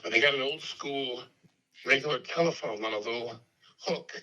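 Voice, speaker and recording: A man in his sixties hosting a podcast, telling animated anecdotes and slipping into put-on voices. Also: medium pitch, normal speed, highs cut off. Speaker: podcast host. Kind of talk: casual storytelling interview.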